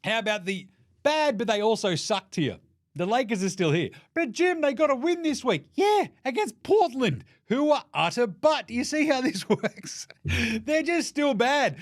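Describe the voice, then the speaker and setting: Aussie guy ranting about basketball teams, high voice, bounces all over, teasing and silly. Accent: Australian. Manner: animated, mocking, quick jokey asides. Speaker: basketball commentator. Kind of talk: comedic sports ranking rant.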